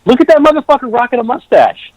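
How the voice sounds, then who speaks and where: A man guesting on a casual film chat podcast, excitable and emphatic, swearing a lot. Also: extremely high pitch, fast, husky, muffled recording.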